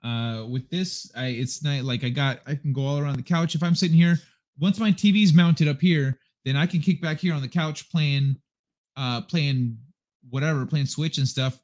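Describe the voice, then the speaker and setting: A livestream host talks to viewers from a desk microphone in his apartment living room, rambling in a laid-back way with plenty of swearing. His voice is fairly high and a little mellow, at a moderate pace.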